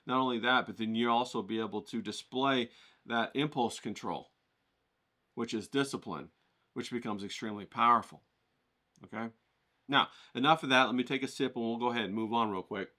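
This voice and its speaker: Bright-voiced man coaching an art lesson. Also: a little fast. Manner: coaching, checks in often with "okay?"; animated, rises in pitch when excited. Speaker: art teacher.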